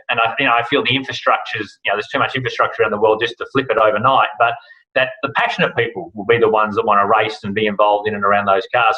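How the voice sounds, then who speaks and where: A man's voice: on the low side, pushed and bright, dull audio. An Australian man talking casually as an interview guest, rambling with many fillers and restarts. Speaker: guest, rally broadcast host. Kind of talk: relaxed podcast interview.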